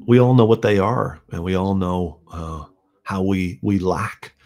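A songwriter with a deep, darkish voice speaks at a measured pace. He reflects casually on writing his own song, rambling, restarting, and acting out quotes with animation.

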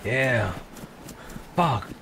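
Gravelly, laid-back gamer guy. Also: mid-range voice, animated, drawn-out words, sharp tone, slight background noise. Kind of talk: casual gaming chat.

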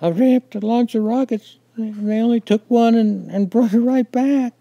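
A man's voice: extremely high pitch, steady tone, normal speed, creaky, dark tone, dry recording, highs cut off, pitched above the performer's own voice, heavily acted. A man voicing a three-year-old boy who stammers and pleads through tears with his father. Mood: pleading.

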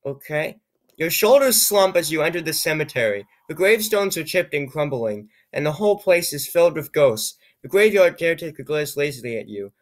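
A man reading an odd, computer-written story aloud, with low-key, wry remarks on the text and frequent stumbles over words. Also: sing-song, brisk. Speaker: YouTuber reading AI-generated stories. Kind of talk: comedic reading with asides.

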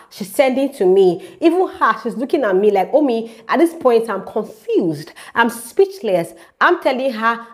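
A young woman telling her faith testimony to camera in a lively, repetitive storytelling way, speaking straight to her viewers. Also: on the high side. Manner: animated storytelling, repeats phrases, speaks directly to viewers. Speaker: vlogger sharing a faith testimony.

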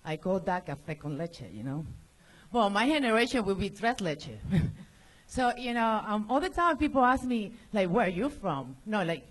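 Halting woman comic with Spanish accent. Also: medium pitch, very animated, rough recording. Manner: halting, laughs between words, lots of "you know". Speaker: open-mic comedian. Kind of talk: nervous stand-up set. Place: comedy club stage.

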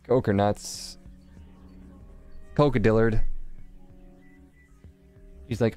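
A man's voice: lowish voice, a little slow, long pauses, clean tone, soft background music. Jokey male game streamer. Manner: jokey, animated, chatting with viewers. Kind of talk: casual live game commentary.

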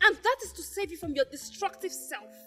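An actress with a Nigerian accent in a film drama, pleading in a strained voice. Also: female voice, very high-pitched, lively intonation, a little fast, in a large hall, over music.

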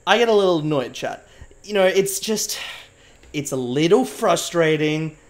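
A man's voice: a little high, lively intonation, normal speed. Mock-serious young male streamer. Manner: mock-serious, rambling, swears, talks to chat. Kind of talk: casual live-stream chat.

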